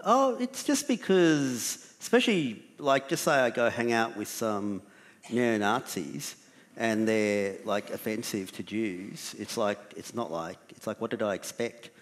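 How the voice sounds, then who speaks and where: A man's voice: fairly low pitch, measured pace. A man, an author on a writers' panel, telling a long story in a casual, rambling way with many restarts and fillers.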